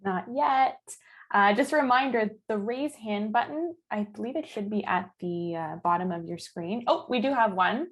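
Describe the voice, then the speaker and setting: A woman's voice: mid-range voice, normal speed. A woman moderates an online webinar in an ordinary mid-range voice. She is plain and helpful as she gives instructions and calls on participants.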